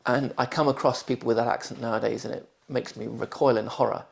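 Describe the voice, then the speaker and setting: A man in his forties speaks with a posh southern English accent and a faint gravelly rasp. He pronounces every word with deliberate clarity, whether reading test sentences or answering interview questions. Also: mid-range voice, steady tone. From London, England. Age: 40s. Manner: careful, clearly pronounced speech.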